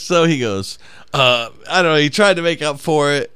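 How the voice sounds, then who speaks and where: A man's voice: a little high, moderate pace, bright, forceful tone, clear, resonant tone, no echo. A man casually telling a funny road story on a podcast, laughing through the punchlines.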